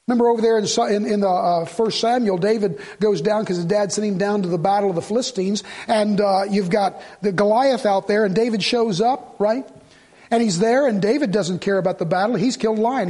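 A middle-aged man, a pastor, preaching a conversational sermon and quoting people in quick asides. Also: sits high, a little mellow.

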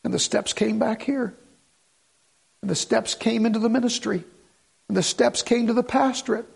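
A middle-aged man preaching a sermon as pastor, moving from hushed prayerful lines to urgent appeals. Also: very high-pitched, steady tone, moderate pace, vocal fry, breathy edge.

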